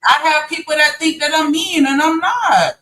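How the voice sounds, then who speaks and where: A woman with a high voice defends herself passionately on an online panel, recorded in an echoey room. She insists on her point and keeps circling back to it. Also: expressive, normal speed, sharp tone, slight background noise. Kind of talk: heated panel discussion.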